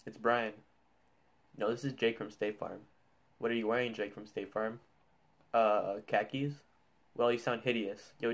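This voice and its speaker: A man hosting his channel, reading funny texts aloud in casual reaction commentary, joking and swearing as he goes. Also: medium pitch. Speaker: youtuber.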